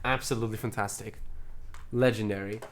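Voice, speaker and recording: A man streams from home, showing off his movie collection in a loose, chatty way. His voice sits on the low side, slightly bright and steady in tone, and he talks a little fast. He gushes over things and keeps repeating himself.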